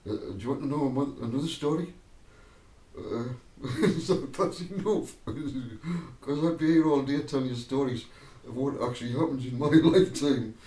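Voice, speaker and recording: A man's voice: mid-range voice, normal speed, dark tone. A man telling a rambling personal anecdote to camera, often breaking into chuckles. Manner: chuckling, digressive, keeps breaking into laughter. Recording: roomy echo, mic at a distance.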